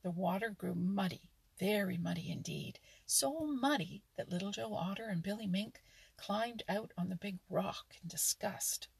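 Husky woman reading a children's story. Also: medium pitch, unhurried, dry recording. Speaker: narrator.

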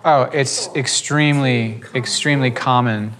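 A man's voice: mid-range voice, fairly even intonation, measured pace, a bit bright. A man leading a church class, teaching and telling stories informally, rambling with restarts and acting out quotes.

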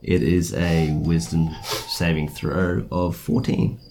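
Deep, gravelly man playing a tabletop game. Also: flat delivery, takes it slowly, darkish tone, slight background noise. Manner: hesitant, laughing, with fillers. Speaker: player. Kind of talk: casual tabletop play.

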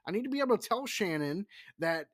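A middle-aged man hosting a casual solo horror podcast, rambling and profane, dropping into hushed whispers for asides. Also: sits high, sing-song, fast. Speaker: podcast host.

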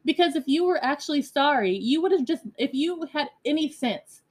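A woman podcast host telling a story in a casual monologue, animated and blunt, with many fillers and some profanity. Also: sits high, normal speed.

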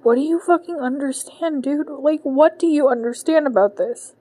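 A woman's voice: high-pitched, moderate pace, mellow. Tearful swearing woman in her thirties. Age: 30s. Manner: emotional, swears constantly, frustrated. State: on the verge of tears. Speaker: podcast host. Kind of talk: personal venting monologue. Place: in bed at home.

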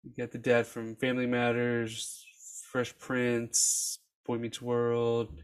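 Laid-back young podcast host. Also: male voice, medium pitch, slow pace, clean tone. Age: young adult. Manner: relaxed, laughs often. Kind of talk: casual interview chat.

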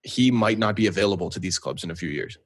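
A man's voice: low voice, expressive, fast talker, breathy edge, dry recording, clean studio sound. A man co-hosting a podcast, chatting casually about football and often checking in with "right?". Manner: talkative, keeps asking "right?". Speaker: podcast co-host. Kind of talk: casual sports chat.

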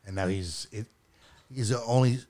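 A man co-hosting a podcast in casual chat, often halting and trailing off. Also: fairly low pitch, mellow. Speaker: podcast co-host.

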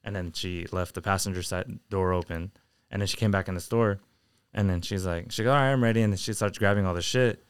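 Young male co-host, low-pitched, clear voice; animated, profane storyteller. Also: fairly quick, no room sound, studio quality. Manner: animated, heavy swearing, storytelling. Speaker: podcast co-host. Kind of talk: casual chat.

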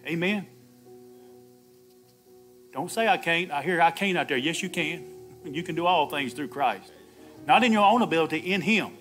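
A man's voice: fairly high pitch, expressive, normal speed, long pauses, fairly bright tone, soft background music. A man preaching an Easter sermon, laughing often, calling out "Amen" and acting out the Bible dialogue himself. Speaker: pastor.

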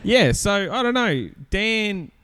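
A podcast co-host who jokes sarcastically. His voice is fairly high and swings a lot in pitch, and the close, dry recording has no room sound. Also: sing-song, slow pace, pushed and bright, clean tone, dry recording. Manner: sarcastic, jokey. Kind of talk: casual podcast recap.

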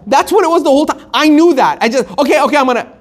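A man's voice: extremely high pitch, animated, very fast, pitched above the performer's own voice. A man voicing a panicked, regretful man after death who pleads in a frantic, rising voice.

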